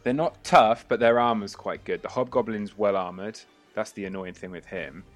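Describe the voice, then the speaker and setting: A man's voice: lowish voice, normal speed, faint music behind. A man running a tabletop game as game master, narrating casually with frequent hesitations.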